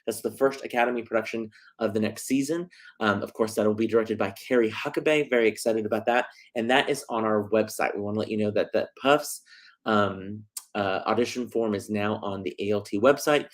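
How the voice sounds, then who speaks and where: A middle-aged man hosting a casual theater talk show, excitable and full of fillers. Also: lowish voice, fairly quick. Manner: chatty, excitable, lots of fillers. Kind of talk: casual livestream chat.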